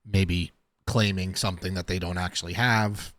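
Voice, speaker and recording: A man giving casual, chatty reaction commentary to a video, with sudden bursts of loud disbelief. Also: low-pitched, steady tone, moderate pace. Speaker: reaction streamer.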